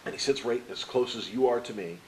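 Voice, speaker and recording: This middle-aged motivational speaker, appearing as an interview guest, tells a personal story at a fast clip in a medium-pitched voice. He's an animated narrator who acts out the dialogue and keeps tossing "right?" to the host. The audio is poor, with a slight hiss or hum.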